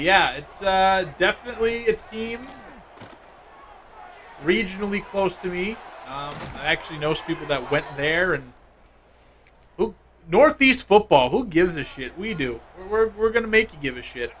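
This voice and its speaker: Excitable gaming streamer, higher voice. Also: male voice, normal speed, a little hiss or hum. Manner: casual, excitable play-by-play, chatting with viewers. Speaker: streamer playing a football video game. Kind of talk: live gameplay commentary.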